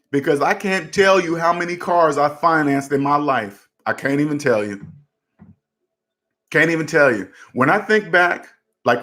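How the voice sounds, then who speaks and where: A man's voice: fairly high pitch, pushed and bright. A man hosting a personal finance channel, talking emphatically and repeating his points to drive them home. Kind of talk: casual commentary to camera.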